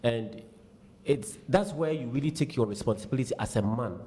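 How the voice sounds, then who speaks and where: A Ghanaian man speaking heartfelt and animated as a radio guest. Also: mid-range voice. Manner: fast, heartfelt, animated storytelling. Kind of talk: candid radio talk. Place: radio studio.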